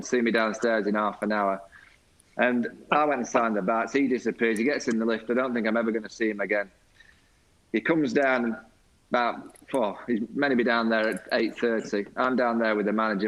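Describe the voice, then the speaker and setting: A man, a guest on a video call, telling a lively anecdote with laughter and quoted voices. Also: on the low side, brisk, poor audio. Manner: lively storyteller, laughs often, mimics teammates. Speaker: former cricket captain guest. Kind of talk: anecdotal storytelling.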